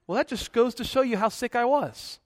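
A man's voice: extremely high pitch, a little fast, no echo, studio quality, pitched above the performer's own voice. A man voicing a wealthy, evasive old oil tycoon who feigns innocent surprise. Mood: feigning innocence.

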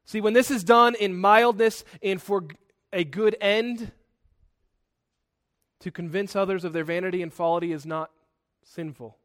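A man preaches a sermon. He is animated and acts out angry outbursts, and he corrects himself mid-sentence as he goes. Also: sits high, measured pace.

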